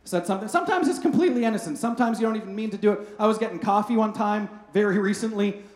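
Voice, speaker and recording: High-voiced pastor in an echoey room. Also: male voice, rapid-fire, a little mellow. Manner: casual, humorous storytelling with frequent "right?". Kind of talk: family sermon.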